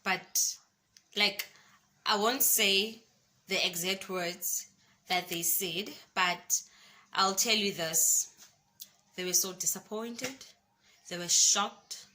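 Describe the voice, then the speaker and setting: A young woman with a South African accent, telling a personal story to her vlog viewers in an expressive way and calling them guys. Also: medium pitch, slow pace, long pauses. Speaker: YouTuber.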